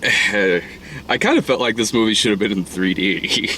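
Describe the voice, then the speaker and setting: A man co-hosting a casual movie review chat, rambling and swearing, often laughing and putting on high voices to act out scenes. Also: measured pace, bright, forceful tone, a little hiss or hum. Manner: rambling, profane, laughs often, acts out lines in falsetto. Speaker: podcast co-host reviewing a movie.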